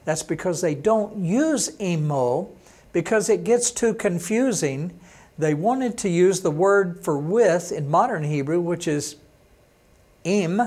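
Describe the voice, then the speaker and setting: A man's voice: high voice, a little mellow. A man pastor teaching an online sermon, explaining words step by step and sometimes voicing a listener's questions back to himself.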